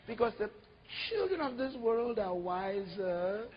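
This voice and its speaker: A man preaching an animated sermon as pastor, full of rhetorical questions. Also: sits high, measured pace, long reverb tail, dull audio.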